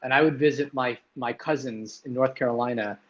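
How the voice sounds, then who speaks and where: A man's voice: mid-range voice, steady tone, a little fast. A man hosting a livestream, rambling casually and swearing now and then. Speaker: livestream host. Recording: dull lo-fi sound.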